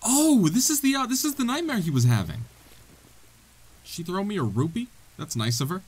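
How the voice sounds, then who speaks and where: A young man hosting a casual video game let's play, excitable and joking as he plays. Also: high-pitched, normal speed, husky. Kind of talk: casual gameplay commentary.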